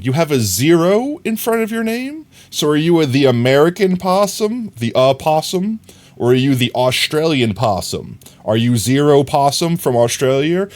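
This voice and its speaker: A man's voice: medium pitch, darkish tone. A man streaming live, chatting casually, reading viewers' messages and laughing as he rambles. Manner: rambling, laughing, reads chat aloud.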